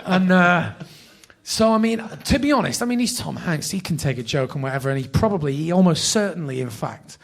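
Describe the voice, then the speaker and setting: Gravelly northern English man telling stories. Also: a little high, normal speed. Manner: animated, self-deprecating, sweary. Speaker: actor, podcast guest. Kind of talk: anecdotal storytelling.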